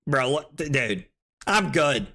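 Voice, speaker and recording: Lively, bright-voiced tipsy male streamer. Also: mid-range voice, slow pace. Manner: loud, swearing, jokey, often laughing. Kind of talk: casual live-stream chat. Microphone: streaming microphone.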